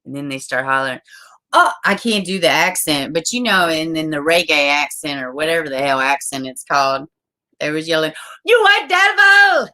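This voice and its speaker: A woman's voice: deep voice, a little fast, pushed and bright. A woman streamer rambling casually to her viewers, swearing often and trailing off mid-thought. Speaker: live streamer.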